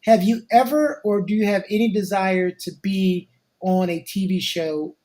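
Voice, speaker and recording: A man's voice: sits high, fairly even intonation, measured pace, a little mellow. A man hosting an interview show, asking questions in a loose, conversational way and reading out questions from listeners. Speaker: show host. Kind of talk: casual interview.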